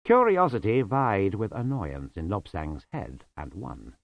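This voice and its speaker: A man narrates a fantasy audiobook with a very lively, swooping voice. He reads slowly and deliberately. The sound is dry and close. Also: lowish voice, no room sound, muffled recording. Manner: expressive, deliberate.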